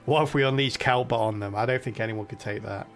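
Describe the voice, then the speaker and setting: A man's voice: mid-range voice, quick pace, faint music behind. A young British man casually commentating his game on a live stream, chatty and laughing often as he talks to his viewers.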